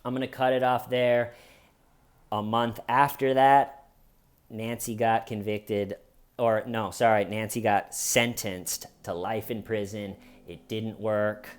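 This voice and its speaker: A man's voice: on the low side, level tone, takes it slowly, clear, resonant tone. A man giving casual, comedic true crime commentary in a rambling, mocking way.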